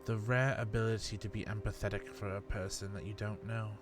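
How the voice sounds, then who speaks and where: A man's voice: on the low side, little pitch movement, brisk, over music. A man acting as game master in a live-streamed tabletop game, asking earnest, probing questions in character.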